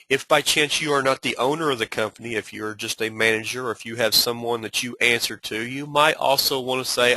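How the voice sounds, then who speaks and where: Instructor type, man, bright forceful tone, dry close sound, stop-start delivery. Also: mid-range voice, no echo, poor audio. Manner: halting, many restarts and fillers; earnest, advising tone. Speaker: customer service trainer. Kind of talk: instructional talk.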